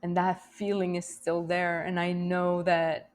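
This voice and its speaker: Middle-aged woman rambling thru a personal vlog, kinda low voice, emotional, laughs a lot, keeps restarting. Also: completely flat delivery, unhurried. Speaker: vlogger.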